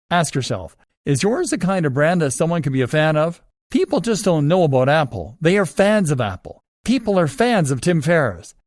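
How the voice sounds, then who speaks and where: A man reading scripted instructional narration for a course, in a steady, instructive manner that leans on key points. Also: a little high, no echo, studio quality.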